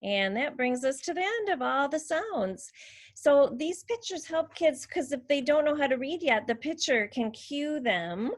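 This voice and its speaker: A woman's voice: sits high, animated, a little slow. A woman explaining and demonstrating letter sounds for teaching children, modelling each sound. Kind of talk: instructional explanation.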